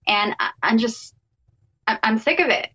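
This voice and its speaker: A woman's voice: a little high, a little slow, pushed and bright, slightly rough. A woman, a business owner, speaking as a guest and telling her story in an upset, hesitant way with many fillers. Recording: dull lo-fi line.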